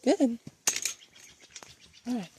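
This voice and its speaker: A woman's voice: very slow, dark tone, slight background noise. A woman vlogging her farm chores, greeting her animals in a sing-song baby-talk voice. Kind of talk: casual farm chores vlog, talking to animals. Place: outdoors on a farm.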